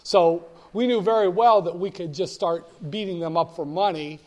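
An older man from the northern United States telling stories to an audience in an animated, emphatic, wry way. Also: high voice, moderate pace, muffled recording. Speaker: speaker addressing an audience. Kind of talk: storytelling talk.

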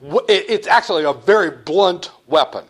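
Male lecturer, high voice with wide swings, animated and jokey in a classroom. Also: moderate pace. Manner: animated, joking, acts out dialogues with students. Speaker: economics lecturer.

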